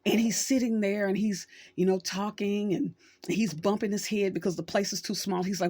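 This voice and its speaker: A woman's voice: medium pitch, fairly even intonation, normal speed, dark tone, slightly rough. A middle-aged woman hosting her channel, talking casually and telling a story with acted quotes. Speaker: social worker and channel host. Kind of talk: casual talk to camera.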